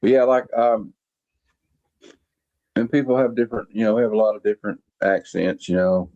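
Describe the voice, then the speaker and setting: A man with a Southern US accent chatting on a panel, slow and easygoing. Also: on the low side, fairly even intonation, dark tone, no room sound. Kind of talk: casual chat. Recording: dull lo-fi mic.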